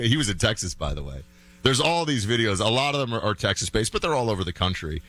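A man's voice: fairly low pitch, animated, quick pace, a bit bright. A man hosting a talk show, giving chatty, opinionated commentary full of fillers and restarts.

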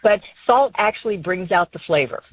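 A woman's voice: on the low side, animated, moderate pace, husky, no echo. A woman from Florida calling into a radio show, chatty and giggly as she tells a kitchen story. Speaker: caller. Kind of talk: call-in phone conversation. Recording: tinny phone line.

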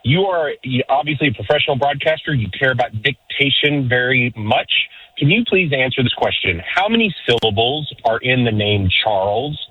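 Brief: easygoing male caller, husky voice, tinny phone line. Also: mid-range voice, lively intonation, normal speed, no echo. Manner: easygoing, wry. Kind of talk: call-in chat.

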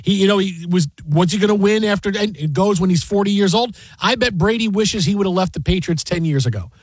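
High-voiced animated sports radio man. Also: a little fast, slightly rough, no room sound. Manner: animated storyteller, loud sing-song impressions. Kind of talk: casual sports radio banter.

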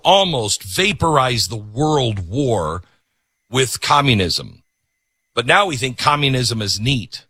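A male talk radio host with a bright, slightly husky voice, recorded close and dry in a studio. He talks in an animated, mocking way, swinging his pitch up and down. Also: dry recording. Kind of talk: opinionated talk radio monologue.

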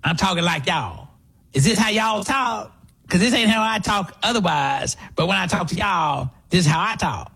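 Guy mimicking a lady politician doing a fake folksy drawl, high and bouncy. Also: animated, normal speed, gravelly, sharp tone, breathy edge, exaggerated voice. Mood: mocking.

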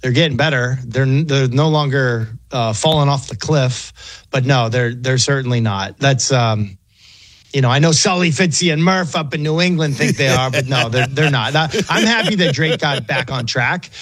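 Chatty former quarterback telling stories. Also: male voice, medium pitch, moderate pace, a bit bright, no echo. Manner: chatty, self-deprecating, quotes people in put-on voices. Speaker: former NFL quarterback, guest. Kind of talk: casual storytelling interview.

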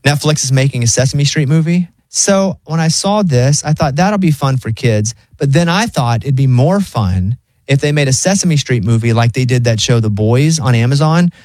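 A man's voice: medium pitch, lively intonation, moderate pace, darkish tone, no echo. A male radio host with a mid-range voice who reads news items and then jokes about them in a loose, chatty way. He sounds close and dry on a studio mic. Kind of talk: casual chat, reading news stories.

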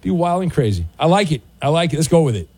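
A man hosting a call-in radio show, joking around in casual banter and jumping up in pitch when flustered. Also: quick pace, breathy edge, dry recording. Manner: animated, jokey, voice jumps high when flustered. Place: radio studio.

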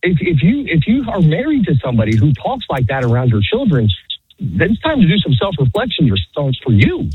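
A man's voice: a little high, huge pitch swings, a little fast, a little hiss or hum. A man calling in to a radio show, talking emphatically and repeating himself over a phone line. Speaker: caller. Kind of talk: phone-in chat.

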